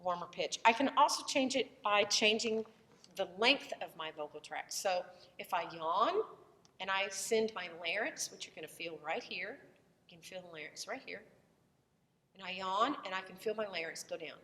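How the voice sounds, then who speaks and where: A woman's voice: mid-range voice, expressive, moderate pace, fairly bright tone, in a large hall. A woman voice teacher who has a cold, explaining the vocal tract in a loose, conversational lesson and breaking into short vowel demonstrations.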